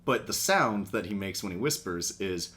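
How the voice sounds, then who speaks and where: A man with a fairly low voice and a lively, wide-ranging delivery, chatting on a podcast. He makes wry jokes and laughs easily as he recalls his favorite lines. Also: normal speed. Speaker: podcast co-host. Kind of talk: casual chat about a cartoon.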